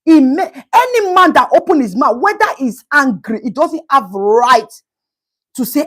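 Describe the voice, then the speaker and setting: Animated woman hosting a live stream. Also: high-pitched, moderate pace. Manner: animated, greets viewers by name, Pidgin asides. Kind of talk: casual live-stream commentary.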